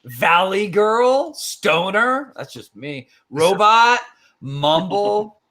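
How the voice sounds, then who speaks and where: A man's voice: high voice, animated, extremely slow, sharp tone. A man chatting on a podcast, rambling upbeat as he explains a party game. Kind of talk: casual chat.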